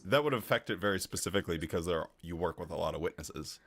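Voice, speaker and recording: A man's voice: low-pitched, fast, a crowd in the background. A man hosting a casual online panel, reading out viewer questions and adding dry joking asides.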